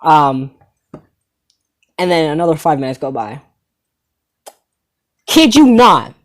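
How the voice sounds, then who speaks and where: Rambling through a story and now and then wandering off topic, a teenage comedy host speaks in an animated, loose way with casual swearing. The voice is average in pitch, and the pace is slow.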